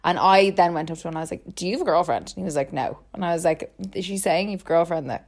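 A young woman races through a long, casual story as a podcast co-host, her voice fairly low in pitch. She's chatty, laughs often and says "like" all the time.

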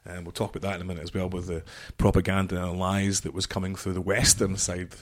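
A middle-aged man with a somewhat low voice recounts a tense story in a loose, conversational way. He swears freely, rambles, and peppers his speech with "you know" while speaking as a podcast guest. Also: level tone, quick pace. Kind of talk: casual storytelling interview.

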